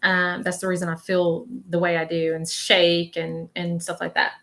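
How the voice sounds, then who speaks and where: A woman's voice: fairly low pitch, completely flat delivery, normal speed, a bit bright. A woman leading a live-stream reading as a spiritual medium, chatty and reassuring, often checking in with her viewers.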